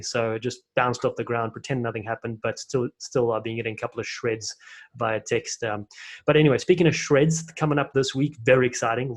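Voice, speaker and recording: A man with a South African accent hosting a rugby podcast, chatting casually and telling stories with plenty of fillers. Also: mid-range voice. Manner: chatty storyteller with frequent fillers. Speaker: podcast host and rugby commentator.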